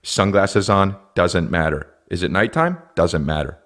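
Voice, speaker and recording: A man in his thirties hosting a podcast, ranting comedically with lots of swearing and quick put-on voices. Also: low voice. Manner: profane, animated, acts out silly voices. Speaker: podcast host. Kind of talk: comedic rant.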